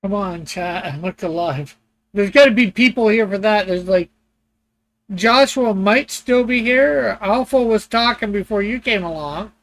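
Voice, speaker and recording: Male livestream host, relaxed casual chatter with viewers, laughs to himself between lines. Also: high-pitched, unhurried. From Canada. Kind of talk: casual chat with live chat while coloring.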